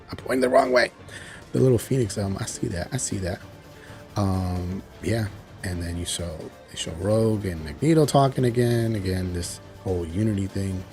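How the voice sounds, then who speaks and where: A man casually recapping a cartoon episode, rambling with lots of fillers and excited exclamations. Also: deep voice, normal speed, soft background music. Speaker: show reviewer.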